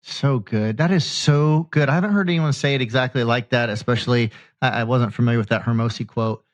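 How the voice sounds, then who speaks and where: A man's voice: medium pitch, a little fast, dry recording. A male podcast host who asks questions and affirms his guest with encouraging remarks. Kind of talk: casual interview talk.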